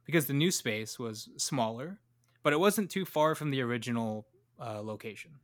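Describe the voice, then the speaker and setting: A man's voice: mid-range voice, animated, moderate pace. Joking young man telling a story. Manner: loose, joking storyteller, full of fillers and laughs. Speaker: podcast co-host. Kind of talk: casual storytelling chat.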